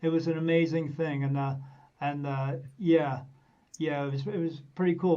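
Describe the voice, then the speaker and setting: Podcast guest: a man, higher-pitched, halting storyteller, muffled lo-fi audio. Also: steady tone, warm tone. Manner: halting, frequent "uh" fillers and restarts. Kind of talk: casual anecdotal storytelling. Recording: dull lo-fi sound.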